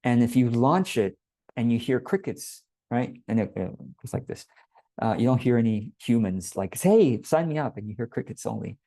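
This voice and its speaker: A man, a business coach, teaching a workshop in a relaxed conversational way and acting out quoted voices. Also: mid-range voice, normal speed, vocal fry, no echo.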